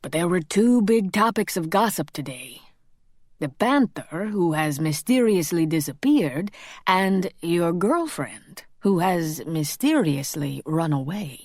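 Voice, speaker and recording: Teasing young male shifter, joking banter, slightly low voice, voiced by a woman narrator. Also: big pitch swings, slow pace, a little mellow, dry recording, studio quality, full character voice. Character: teasing young male shapeshifter friend, cocky.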